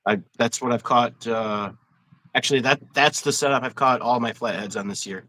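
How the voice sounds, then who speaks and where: Bright-voiced chatty livestream host. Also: male voice, mid-range voice, normal speed, poor audio. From Wisconsin. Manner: chatty, rambling, laughs often. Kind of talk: casual livestream interview.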